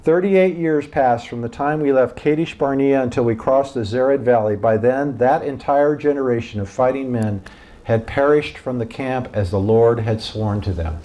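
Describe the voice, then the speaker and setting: A pastor with a mid-range voice leads a Bible study at a normal speed, teaching in a casual, joking style. He's animated, quizzes the group with questions, and acts out bits of the story in different voices.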